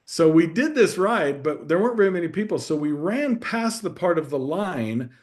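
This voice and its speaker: A man guest on a conversational podcast, sharing a personal story in a reflective, steady way that grows animated at times. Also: on the high side, moderate pace. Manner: reflective, warm storyteller who gets animated in anecdotes. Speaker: guest coach.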